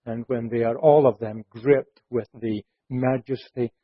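A man's voice: mid-range voice, fairly even intonation, measured pace. A man preaching a sermon in an earnest, conversational way, asking rhetorical questions and often restarting his phrases. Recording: muffled, lo-fi recording.

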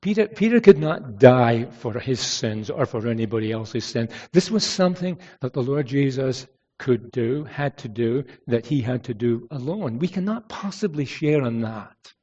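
A man delivers a sermon in a mellow, unhurried voice, posing rhetorical questions and circling back over his words. He sounds set back from the microphone. The recording is muffled and lo-fi. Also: mid-range voice, lively intonation. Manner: measured, conversational preaching with rhetorical questions and frequent restarts. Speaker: preacher. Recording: dull lo-fi sound from some distance.

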